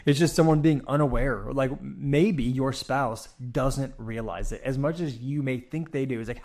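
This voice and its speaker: A man's voice: medium pitch, moderate pace, hardly any pauses, darkish tone. A man co-hosting a casual marriage podcast, talking in a conversational way with frequent restarts and acted-out bits of dialogue. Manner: conversational, repeats words, acts out dialogue. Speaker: podcast co-host. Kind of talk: casual chat about marriage.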